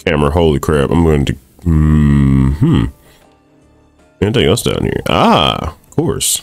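Deep-voiced young man reacting to a game. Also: slow, gravelly, faint music behind. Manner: excitable, swears and laughs often, talks to the screen. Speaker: gaming streamer. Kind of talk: let's play commentary.

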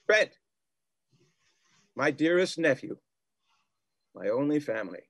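A man's voice: fairly high pitch, very animated, slow pace, exaggerated voice. A man playing a reformed old miser, heartfelt and wry, in an amateur online play. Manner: heartfelt, wry, self-deprecating. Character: reformed old male miser, now tender and repentant.

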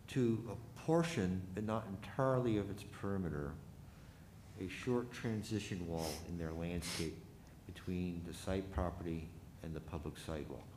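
Man, low voice, commission member, formal questions, echoey room, faint hiss. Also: a little mellow. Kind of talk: public meeting questioning.

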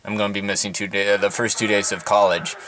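A man's voice: lowish voice, level tone, fast, background noise. A young man in his twenties, a soldier, rambling casually with lots of fillers in a vlog, sitting in a parked van. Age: 20s. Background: distant rifle fire.

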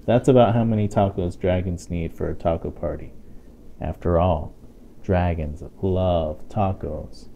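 A man reading a picture book aloud to a child, playful and expressive, with chatty asides to his young listener. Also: sits low, measured pace. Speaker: storytime reader.

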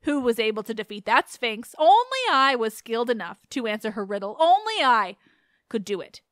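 A woman voicing a proud, hot-tempered young male king, quoting him slowly and with emphasis. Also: on the high side, sing-song, fairly bright tone, dry recording, clean studio sound. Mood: boastful. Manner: indignant, slow emphatic quoting.

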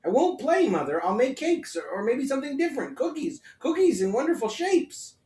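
An eager, pleading young village boy from a storybook, put on by a man reading aloud. The voice rides high and bright with excitement. It carries some distance from the mic, with room echo around it. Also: fairly quick.

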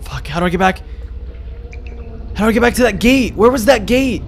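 A young man losing his voice, panicking, yelling and cursing while commentating on a horror game. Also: high-pitched, animated, brisk, creaky, slight background noise, low-quality recording. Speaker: gaming let's play host.

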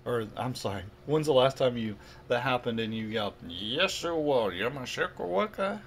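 A man preaching in a video, reading scripture slowly and emphatically, then breaking into mocking asides. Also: medium pitch, steady tone, a little hiss or hum. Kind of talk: video sermon commentary.

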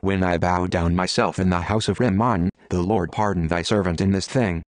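A man giving a measured, solemn reading of King James scripture. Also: low voice, steady tone, no room sound. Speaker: Bible reader.

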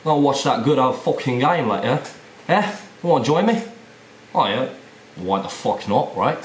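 A man's voice: medium pitch, lively intonation, normal speed, pitched above the performer's own voice, lightly acted. A man putting on a British accent to play a rowdy, swearing young pub lad who keeps adding tag questions. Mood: boisterous. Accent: British, put on. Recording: roomy echo, faint hiss.

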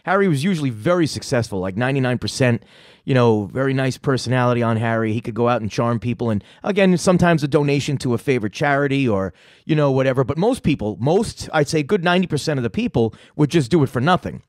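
A man hosts a podcast in loose, rambling chat, cussing freely and laughing at his own stories. His voice sits mid-pitch and close, with a dry, dead sound. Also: animated, fast talker, a little mellow, no echo. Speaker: host.

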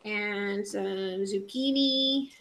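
A woman's voice: mid-range voice, very slow, fairly bright tone, slight background noise, poor audio. A chatty woman from Puerto Rico hosting a casual live craft video, rambling and greeting viewers by name. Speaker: craft channel host.

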